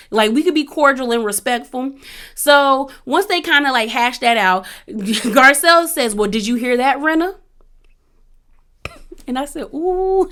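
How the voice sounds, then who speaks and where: A woman giving a sassy, casual recap of a reality show, acting out what the cast said. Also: fairly high pitch. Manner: animated, sassy, acts out quotes.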